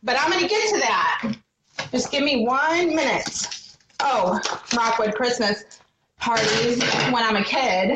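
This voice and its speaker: A woman's voice: a little high, lively intonation, unhurried, noisy background. A woman talking into her phone on a livestream, agitated and defiant, swearing as she tells her own story. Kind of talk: emotional livestream monologue.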